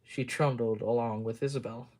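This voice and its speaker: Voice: mid-range voice, fairly even intonation, normal speed, a little mellow. A tired amateur reader working through a children's story aloud, stumbling over words, correcting themselves and swearing under their breath.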